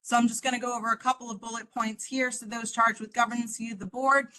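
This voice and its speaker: A woman's voice: on the high side, little pitch movement, fast talker, pushed and bright, low-quality recording. A woman auditor presenting a report to a board over a video call, explaining step by step with frequent "um"s. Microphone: computer mic on a video call.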